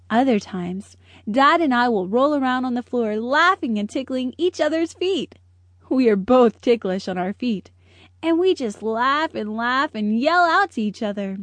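A woman narrating a children's audiobook in a bright, cheerful storytelling manner. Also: fairly high pitch, animated, measured pace, no echo.

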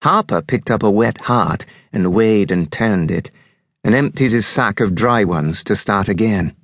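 A man narrating an audiobook in an unhurried, expressive storytelling manner. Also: on the low side, no room sound, clean studio sound.

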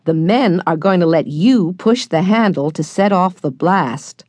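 Storybook: a woman doing a gentle old grandfather, low and unhurried. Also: animated, dry recording. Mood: kindly. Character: kindly elderly grandfather, gentle.

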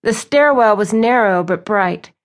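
Woman reading a romance audiobook, smooth even storytelling. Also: medium pitch, measured pace. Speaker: audiobook narrator. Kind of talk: scripted narration.

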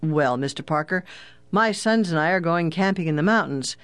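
A man's voice: on the high side, animated, moderate pace, a bit bright, smooth. A narrator voicing a polite, eager father of two boys.

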